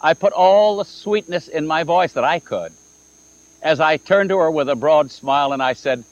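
Male preacher, storytelling sermon, animated delivery, slightly high voice; dull lo-fi archive tape with hum. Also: normal speed, no room sound. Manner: storytelling, acting out dialogue with shifting emphasis.

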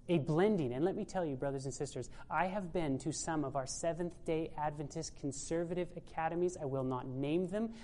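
A woman's voice: deep voice, a little mellow. A woman giving a sermon-style talk to a congregation, emphatic and full of rhetorical questions. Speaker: speaker at a church presentation.

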